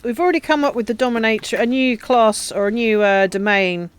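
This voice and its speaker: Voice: medium pitch, brisk, clear, resonant tone, no echo. A streamer giving casual, crude, joking game commentary and laughing often, recorded on a desk mic. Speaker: live streamer. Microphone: desk mic, voice only.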